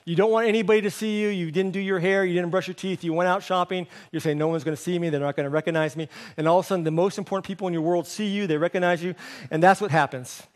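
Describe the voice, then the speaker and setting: A man preaching a sermon as pastor, telling the story with animated delivery and briefly voicing the people in it. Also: rapid-fire. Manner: drops to a soft, low voice for emphasis.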